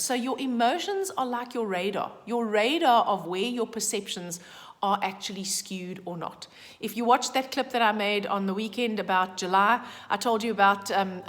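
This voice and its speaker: A woman giving a casual, chatty daily numerology forecast, emphatic and animated with asides. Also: fairly high pitch, in a large hall. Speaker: numerology vlogger.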